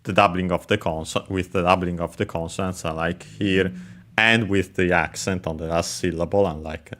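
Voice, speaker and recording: A man teaching Japanese vocabulary while playing a game, explaining carefully in halting phrases full of pauses and fillers. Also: sits low, steady tone, fairly bright tone. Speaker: language teacher.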